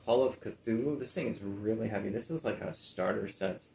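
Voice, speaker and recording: A man's voice: on the low side, normal speed, creaky, darkish tone, reverberant, a little hiss or hum, low-quality recording. A man chatting casually about items he has sold, laid-back and rambling with lots of fillers. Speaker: reseller showing sold items. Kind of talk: casual chat.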